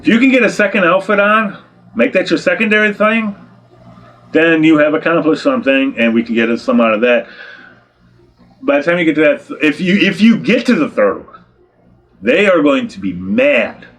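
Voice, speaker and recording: A man's voice: fairly high pitch, animated, normal speed, a bit bright. A man, a photographer, talking straight to his audience and giving blunt, exasperated advice full of rhetorical questions and repeated "okay?". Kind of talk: direct-to-camera advice talk.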